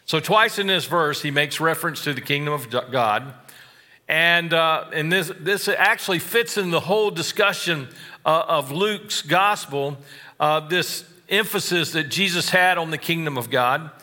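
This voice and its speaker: A man preaching a sermon, slow and deliberate, stressing key phrases and adding wry asides. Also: a little high, sharp tone, long reverb tail. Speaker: pastor.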